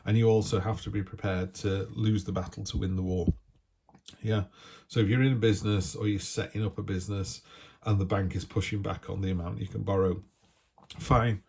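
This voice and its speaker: A man's voice: fairly low pitch, steady tone, a little fast, creaky, a little mellow, a little hiss or hum. A man giving a casual, encouraging weekly tarot reading, chatty and full of restarts. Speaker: tarot reader.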